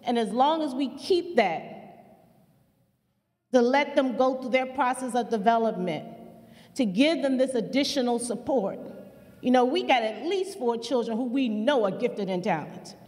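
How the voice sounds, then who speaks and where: A woman speaks to an audience with earnest, repeating emphasis, the way a community leader rallies a room. Her voice sits a little high and trails off into a long, echoing reverb from the hall. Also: expressive, a little slow, a little mellow. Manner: earnest, repetitive, preacher-like emphasis. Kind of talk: impassioned public remarks. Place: museum auditorium.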